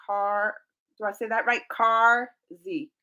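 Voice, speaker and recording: A woman's voice: on the high side, steady tone, slow, sharp tone, clean tone, highs cut off. A young woman hosting a casual live stream, chatting and giggling as she reads out viewer comments. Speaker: reaction channel host.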